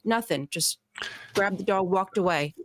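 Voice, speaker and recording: A woman's voice: mid-range voice, a little slow, no room sound. Exasperated woman telling a story. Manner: animated storytelling, exasperated, laughs often. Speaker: show guest. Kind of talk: casual chat.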